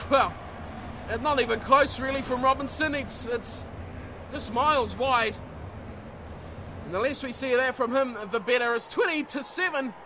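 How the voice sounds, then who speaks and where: Very high-pitched male game commentator. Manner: surges into shouting on big plays, calmer in analysis. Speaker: rugby commentator. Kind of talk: video game play-by-play commentary. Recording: game commentary over loud music.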